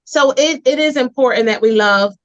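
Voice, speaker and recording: Earnest woman host, dull lo-fi sound. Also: sits high. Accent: Philadelphia. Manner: earnest, heartfelt storytelling, slow and emphatic. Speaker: host, community advocate. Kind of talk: interview talk show.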